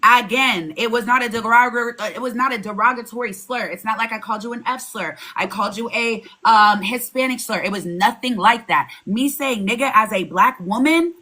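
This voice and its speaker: A woman's voice: on the high side, brisk, hardly any pauses, sharp tone. A woman arguing firmly and pointedly on a live call, holding her ground over interruptions. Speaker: streamer, panel guest. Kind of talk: heated argument on a live call.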